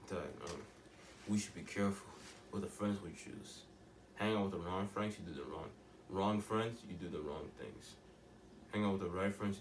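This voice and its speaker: A man's voice: low-pitched, far from the mic, slight background noise. Rambling teenage boy in an echoey room. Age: teens. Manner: rambling, restarts often, emphatic rhetorical questions. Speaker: vlogger. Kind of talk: casual monologue to camera.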